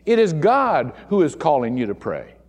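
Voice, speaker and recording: A man's voice: a little high, very animated, moderate pace, in a large hall. A man preaching a sermon as pastor, stressing and repeating key words for emphasis, recorded in a church. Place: church sanctuary.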